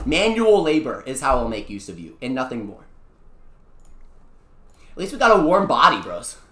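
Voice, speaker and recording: A young-adult VTuber streamer chatting casually with viewers during a game, excitable and slangy, swinging from low mutters to loud wails. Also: moderate pace. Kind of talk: casual live-stream chat over a mobile gacha game. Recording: echoey room.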